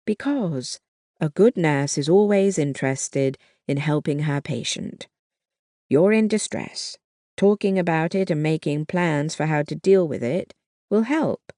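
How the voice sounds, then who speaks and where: A narrator voicing a calm, determined wartime nurse who talks to her patients in a gently persuasive, slightly raised voice. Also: mid-range voice, a little slow, no echo, clean studio sound. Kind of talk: audiobook narration.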